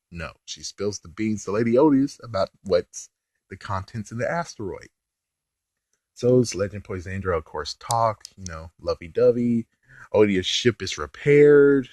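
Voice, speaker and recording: Lower-voiced man ranting casually. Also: measured pace, dry recording, studio quality. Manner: animated, swears casually, laughs often. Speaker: TV episode reviewer.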